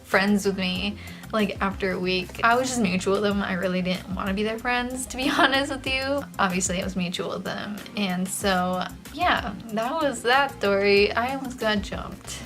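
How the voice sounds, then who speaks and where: A young woman vlogger of Mexican heritage, telling a casual storytime in a chatty, animated way with lots of "like" fillers. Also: over music. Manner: chatty and animated, full of "like" fillers, with quick jumps in pitch.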